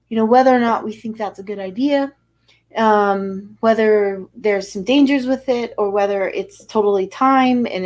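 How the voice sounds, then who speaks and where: American woman doctor, mid-pitched, slow and chatty, walks listeners through the data. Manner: unhurried, conversational, with fillers and restarts. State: a little out of breath. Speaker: physician giving a weekly update. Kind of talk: informal public health briefing.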